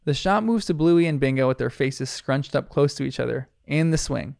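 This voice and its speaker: A man's voice: mid-range voice, lively intonation, moderate pace, creaky, dry recording, studio quality. A man giving an earnest, reflective episode recap commentary as a show reviewer. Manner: earnest, reflective retelling with soft laughs.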